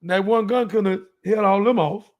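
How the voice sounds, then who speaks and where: A man from Texas, a guest telling a story in an animated, emphatic, colloquial way. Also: high voice, moderate pace.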